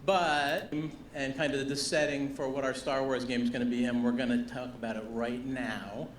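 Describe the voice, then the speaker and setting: A man's voice: mid-range voice, fairly even intonation, normal speed, slight background noise. A man presenting on stage with upbeat, teasing banter, played back from an event. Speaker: game studio presenter. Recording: echoey stage audio from a distance.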